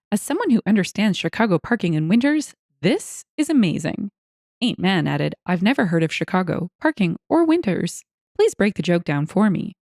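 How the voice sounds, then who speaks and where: A woman reading online stories aloud as scripted narration, expressive and wry, with lively asides. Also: on the low side, no room sound, clean studio sound.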